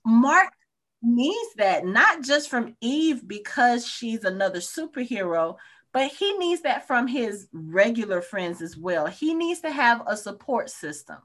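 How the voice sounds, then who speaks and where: A woman's voice: fairly high pitch, unhurried. A woman co-hosting a casual podcast about a TV show, talking it through with friends and acting out characters' lines as she goes. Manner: animated, acts out characters' lines. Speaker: podcast co-host.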